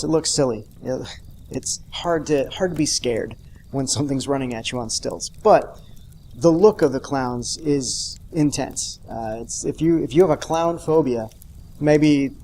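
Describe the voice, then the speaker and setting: A man's voice: on the high side, darkish tone, a little hiss or hum. A man hosting an unscripted TV episode review, talking in a conversational, rambling way with wry asides. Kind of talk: unscripted casual review monologue.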